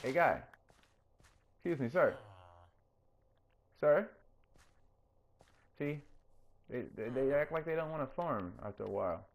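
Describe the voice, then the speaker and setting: A man hosting his own gaming channel, chatting casually through his gameplay and getting openly excited when things work. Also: unhurried, gravelly, long pauses. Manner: coaxes the game character in a higher, playful voice.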